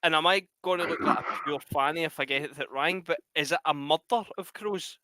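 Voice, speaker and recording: A man's voice: a little high, a little fast, sharp tone. A Scottish man bantering on a casual podcast, swearing as he talks.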